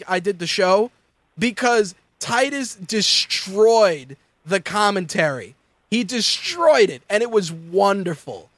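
A man hosting a casual wrestling and fight talk show, animated and profane, often mimicking the people he talks about. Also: high-pitched, no echo. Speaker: podcast host.

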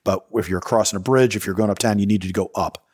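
A man's voice: fairly low pitch, fairly even intonation, quick pace, a little mellow, husky, no room sound. A man in his forties, a podcast host, telling a personal story in a candid, profane way on a close mic. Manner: candid, profane, acts out quoted voices.

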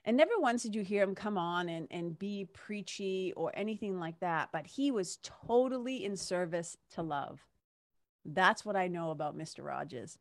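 A woman's voice: on the low side, lively intonation, normal speed, dry recording, studio quality. A woman in her fifties hosting a show, telling a story in an emotional, casual way and often asking "right?". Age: 50s. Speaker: host. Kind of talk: casual heartfelt monologue.

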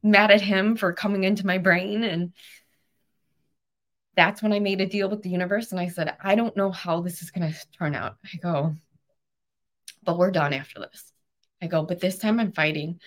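Speaking at a normal pace with a lowish voice, a woman in her thirties pauses often. She's a guest on a podcast, sharing a personal story with earnest emotion and lively animation.

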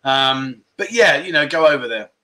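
A man's voice: fairly high pitch, animated, normal speed, bright, forceful tone. A middle-aged man hosting a casual livestream, chatting and joking while reading out viewer comments. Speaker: livestream host.

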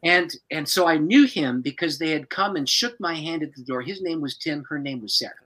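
A man who is a pastor, an animated storyteller who laughs often as a guest on a podcast. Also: fairly high pitch, brisk, rough recording.

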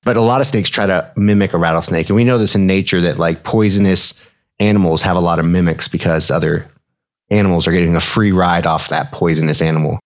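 Deep low voice guy, doctor type, casual podcast, clinical words mixed w slang. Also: fast. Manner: relaxed, explanatory, mixes medical terms with slang. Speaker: physician co-host. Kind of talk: casual podcast explaining medicine.

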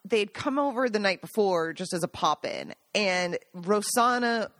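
A woman's voice: medium pitch, a little slow, no echo. A woman co-hosting a podcast, telling funny stories in casual chat, laughing often and acting out what others said. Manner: animated storyteller, laughs often, acts out quotes. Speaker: podcast co-host.

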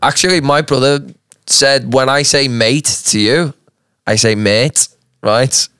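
A man's voice: mid-range voice, a little slow, a bit bright, clean tone, dry recording, clean studio sound. A young man with a Manchester accent, co-hosting a podcast in casual, crude, joking banter. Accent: Mancunian English. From England. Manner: crude, joking, laughs a lot. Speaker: podcast co-host.

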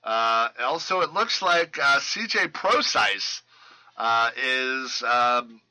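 A man talks loosely through football injury and roster news. His voice is very bright and forward. He stumbles and restarts often, filling gaps with ums and uhs. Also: medium pitch, slow pace, low-quality recording. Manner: loose and rambling, many fillers and restarts. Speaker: fantasy football podcast host. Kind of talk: casual sports news chat.

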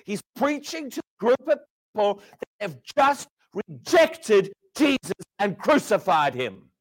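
Animated high-voiced male preacher. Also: a little slow. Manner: animated, rhetorical questions, swings from loud to hushed. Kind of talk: sermon.

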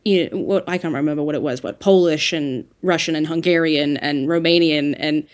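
A woman's voice: low-pitched, fairly even intonation, fairly quick. A woman dialect coach speaking as a podcast guest, thinking aloud in an earnest, emphatic way. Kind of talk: podcast conversation.

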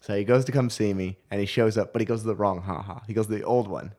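A man's voice: on the low side, fast. A man, a stand-up comedian, casually telling a funny anecdote and laughing as he goes. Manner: animated anecdote with quoted voices, laughing often. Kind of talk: casual storytelling in a podcast chat.

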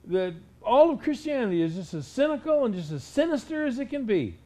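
A man's voice: very high-pitched, big pitch swings, a little fast, warm tone, pitched above the performer's own voice. A man voicing a skeptical listener who protests the preacher's message. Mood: protesting. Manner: protesting, incredulous.

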